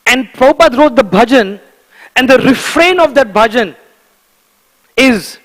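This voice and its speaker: A man giving a devotional morning class in a temple, emphatic and animated, repeating key words for stress and often chuckling. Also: very high-pitched, unhurried, in a large hall, poor audio. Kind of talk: devotional lecture. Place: temple hall.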